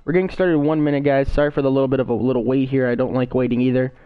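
A man's voice: medium pitch, fairly even intonation, racing, clear, resonant tone, dry recording, narrow, tinny audio. A young man live-streaming a game, casually greeting his viewers by name over a gaming headset.

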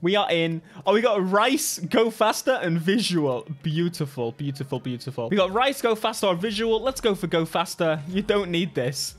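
A young British man giving excitable, joking gameplay commentary with frequent laughter. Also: high voice. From Britain. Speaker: gaming YouTuber. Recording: music from the game behind.

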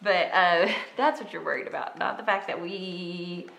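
A woman's voice: on the low side, moderate pace, gravelly, a bit bright, echoey room. A woman co-hosting a casual board game playthrough, playful and chatty, tossing in robot beep-boop noises. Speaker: co-host.

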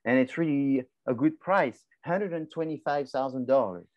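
A man's voice: medium pitch, moderate pace, no echo, muffled recording, lightly acted. A man playing a smug male painter who sells a blank canvas with a put-on French accent. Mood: salesy.

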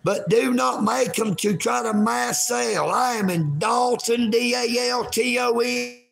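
A man, vlogging outdoors at a park in a folksy, rambling way that bursts into shouting. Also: extremely high pitch, a little slow, creaky, soft background music. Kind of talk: rambling livestream vlog.

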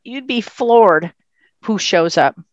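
An animated woman of medium pitch tells her story in a casual interview as a psychic medium guest. She leans hard on key words. The sound is close and dry, with no room echo. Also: slow pace, lo-fi sound.

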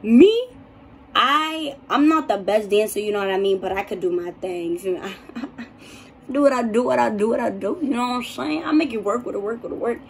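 A young woman vlogger telling a story in a casual, animated and dramatic way. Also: fairly high pitch, brisk, a little hiss or hum.

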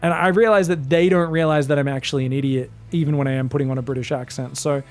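This is an Australian man with a notably high voice, commentating a strategy game for a live audience. He rambles through teasing, self-mocking banter with his chat and jumps to sudden excited yells during big moments. Faint music hums behind him. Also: quick pace. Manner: joking, self-mocking, bursts into excited shouts. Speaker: esports caster.

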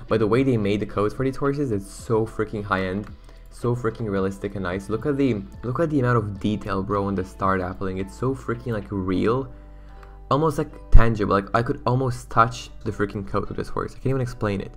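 Young male gaming host, low gravelly voice, excitable and rambling, casual slangy delivery. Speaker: gaming YouTuber. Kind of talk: casual gameplay commentary.

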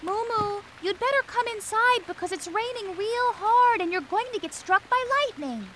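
A woman's voice: very high voice, lively intonation, normal speed, fairly bright tone, a little hiss or hum. A woman voicing a caring, bossy little cartoon friend who talks in an urgent, warning way. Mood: urging. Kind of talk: children's cartoon voice acting.

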